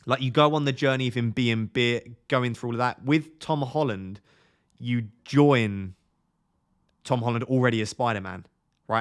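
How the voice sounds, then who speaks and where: A man in his twenties on a casual live stream, reading viewers' comments aloud and answering them. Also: medium pitch. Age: 20s.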